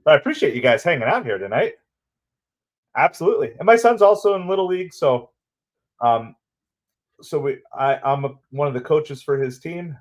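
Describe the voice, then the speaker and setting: A man's voice: fairly high pitch, lively intonation, normal speed, long pauses. A man hosting a live baseball watch-party stream, chatting casually with viewers in an upbeat way and laughing often. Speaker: livestream host and baseball commentator.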